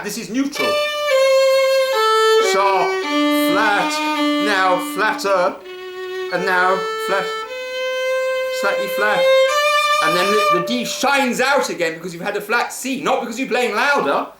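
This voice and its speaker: A man teaching violin, explaining intonation in an emphatic manner and singing notes to show them. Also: unhurried. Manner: emphatic, animated, sings notes to show pitch. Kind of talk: instructive commentary over violin playing. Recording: echoey room with loud violin music.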